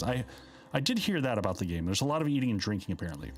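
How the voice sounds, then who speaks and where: A man's voice: on the low side, big pitch swings, racing, a little mellow, faint music behind. A man playing a game live, chatting casually and reading the on-screen dialogue aloud in a playful way. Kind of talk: casual live-stream commentary.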